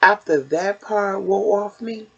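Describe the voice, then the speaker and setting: A woman hosts a casual chat. She tells her stories in a lively, animated way. Her pitch sits in a medium range. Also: slow pace, vocal fry, breathy edge, lo-fi sound. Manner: animated storytelling, bursts into sung lines. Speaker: host.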